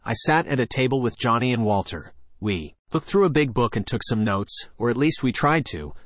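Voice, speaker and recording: A man's voice: mid-range voice, lively intonation, normal speed, fairly bright tone, no room sound. A man narrating a children's chapter book in first person with playful storytelling. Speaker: audiobook narrator.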